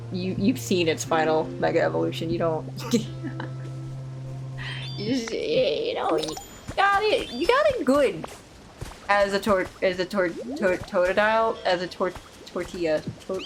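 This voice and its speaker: Slow-talking, sleepy woman streamer. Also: mid-range voice, lively intonation, noisy background. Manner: playful, rambling, quick to laugh and exclaim. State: sleep-deprived. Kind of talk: casual gameplay commentary. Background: game music.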